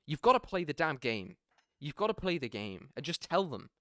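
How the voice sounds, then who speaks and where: A man's voice: fairly high pitch, sing-song, fairly quick, sharp tone, slight background noise. A man teaching sales in a casual tutorial, acting out calls with clients and swearing freely. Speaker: sales coach.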